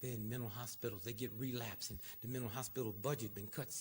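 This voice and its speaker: A man giving an impassioned, sarcastic lecture, swinging between shouting and hushed asides. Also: mid-range voice, fairly even intonation, fast, husky. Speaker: public speaker. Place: lecture hall.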